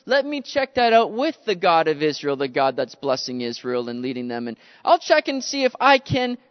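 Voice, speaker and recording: A preacher voicing a greedy prophet haggling in a casual, wheedling tone, fairly high for a man, and the sound is dull with a long hall tail. The paraphrase sounds modern and offhand. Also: very animated, moderate pace. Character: scheming greedy male prophet bargaining casually.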